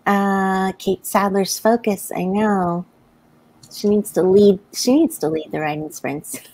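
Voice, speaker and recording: A woman's voice: medium pitch, takes it slowly, a little mellow, slight background noise, rough recording. An American woman hosting a live writing stream, chatting casually, laughing often and reading viewer comments aloud. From United States. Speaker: livestream host.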